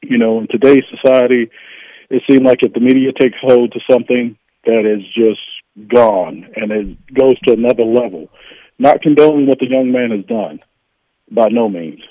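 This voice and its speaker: A man calling in to a radio talk show, measured and earnest. His voice comes through dry and dull, like a lo-fi phone line. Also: medium pitch, no echo. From North Carolina. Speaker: caller. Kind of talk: radio call-in comment.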